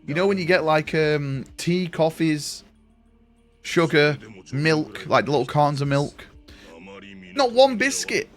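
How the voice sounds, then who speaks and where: A man's voice: on the high side, lively intonation, takes it slowly, faint music behind. A young man chatting casually with his live-stream audience from his room, rambling and swearing freely. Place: home room.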